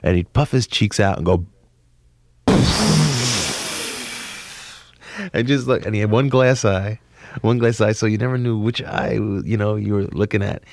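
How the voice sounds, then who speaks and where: A young man from New Jersey, a comedian being interviewed, talking in a rambling, excitable way with frequent restarts. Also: fairly low pitch, brisk, vocal fry, no room sound. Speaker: comedian guest. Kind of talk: casual interview chat.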